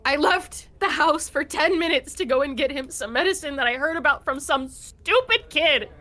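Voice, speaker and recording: A frantic mother in tears, her voice climbing high and shrill as she begs for help, as a woman game master puts her on. The sound is bright and cutting, breaking off into cries and stammers. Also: animated, normal speed. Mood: shaken. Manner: shrieking, pleading, broken off. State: sobbing, panicked. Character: distraught frantic mother crying for her son.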